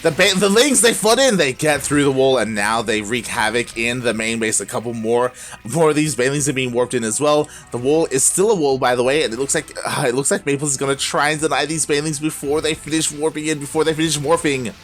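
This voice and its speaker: A man casting a live strategy game tournament, moving from calm play-by-play to loud shouting, laughing often and talking in casual slang. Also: mid-range voice, fast talker, soft background music. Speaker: esports caster.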